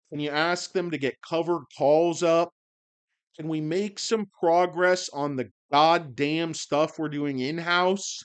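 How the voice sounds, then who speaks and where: A man with a worn-out, hoarse voice, rambling and swearing through a stock-market video monologue, with sardonic asides and loud rants. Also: fairly high pitch, normal speed. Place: indoors under bright lights.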